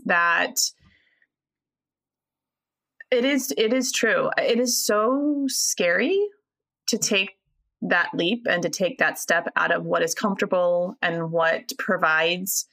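A woman's voice: on the low side, creaky, fairly bright tone. A woman co-hosting a casual chat, reflective and earnest with some wry teasing. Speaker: co-host.

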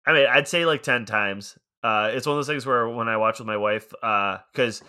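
A man's voice: medium pitch, moderate pace, pushed and bright. A man co-hosting a podcast in casual chat, rambling along and laughing often, with many filler words. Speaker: podcast co-host.

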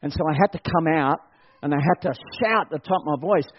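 A man's voice: a little high, quick pace, dull audio, a little hiss or hum. A man preaching a sermon at a church service, exhorting his congregation and laughing often as he talks.

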